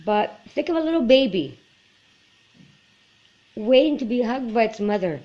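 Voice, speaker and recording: A woman's voice: on the high side, sing-song, measured pace, dark tone. Woman, 40s, from Quebec, personal vlogger, earnest and emotional, muffled lo-fi sound. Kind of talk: personal vlog talk to camera.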